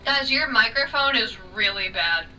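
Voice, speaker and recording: A woman playing a tabletop game remotely asks her questions carefully. Her voice is very bright and sharp and rather high, and it is heard from some way off the mic. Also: animated, normal speed, distant mic, slight background noise, low-quality recording. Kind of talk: casual chat at a game table.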